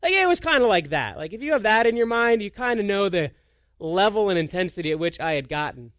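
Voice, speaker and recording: High-voiced pastor preaching a casual sermon. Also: male voice, fairly quick, no room sound, studio quality. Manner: storytelling with frequent restarts; self-deprecating and animated. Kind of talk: conversational sermon.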